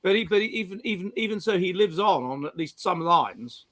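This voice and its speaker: Animated higher-voiced English man. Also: fairly quick. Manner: animated, mimics announcements, restarts often. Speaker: host. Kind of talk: casual live-stream chat.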